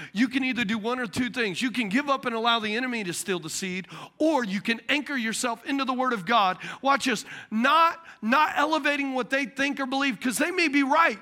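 A man preaching a sermon as a pastor, telling stories in an animated way. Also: extremely high pitch.

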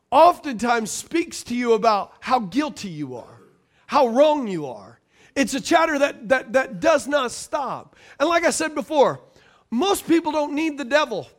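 Middle-aged male pastor, very high voice, sermon with call-and-response, loud and soft by turns. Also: big pitch swings, measured pace. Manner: preaching with call-and-response, swings between loud and quiet.

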